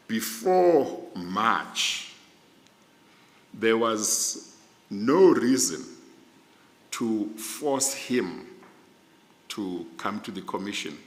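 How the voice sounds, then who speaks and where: Older judge, deep voice, unhurried, measured. Long reverb of a large hearing room. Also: male voice. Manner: deliberate, careful, fond of restating points. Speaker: interviewee judge. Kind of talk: formal measured explanation.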